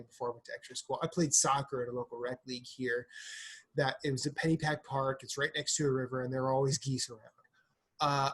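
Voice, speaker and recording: A man co-hosting a podcast, telling stories in an animated, joking way with some swearing. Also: medium pitch, slightly rough. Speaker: podcast co-host. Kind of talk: casual chat.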